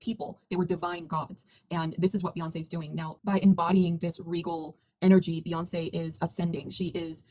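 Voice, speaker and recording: A woman's voice: fairly low pitch, flat delivery, moderate pace, few pauses, dark tone. A woman analysing a music video in a conversational, emphatic commentary, with frequent fillers and restarts. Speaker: video essay host.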